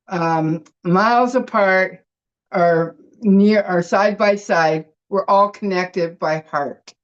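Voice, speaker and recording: A woman from Canada, giving an emotional, effusive thank-you speech to an online group over her phone, with many fillers and restarts. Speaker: webinar panelist. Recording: muffled low-fidelity phone audio.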